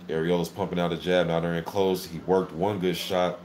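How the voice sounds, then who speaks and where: A man hosting a casual live boxing reaction, calling the action play-by-play in an excitable, filler-heavy way. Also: sits low, brisk. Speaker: boxing channel host. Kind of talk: live fight commentary reaction.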